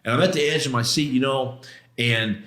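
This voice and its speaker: A man's voice: mid-range voice, fairly quick, a bit bright. A middle-aged man, a podcast guest, tells a personal story with intense emotion. He talks in a casual, slangy way, acting out quoted exchanges and restarting his sentences. His mid-range voice rings with a roomy echo.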